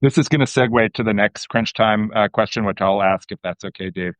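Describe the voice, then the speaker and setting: A man's voice: on the low side, a little fast, dry recording. A man hosting a podcast, telling a rambling story before asking his interview question. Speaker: podcast host. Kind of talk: casual interview chat. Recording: slightly muffled, dry.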